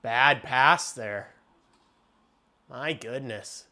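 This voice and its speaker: A man streaming a hockey game and calling the play-by-play, excitable and swearing casually, shouting on big plays. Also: medium pitch, very slow. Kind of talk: live watch-along hockey commentary.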